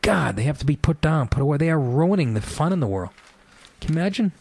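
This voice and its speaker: A man with a fairly high voice hosts a radio show, talking fast with big swings in pitch and a creaky, slightly mellow tone, recorded with no echo. It's a profane comedic rant: he's sarcastic, swears constantly, throws in mocking asides, and hops between mock voices.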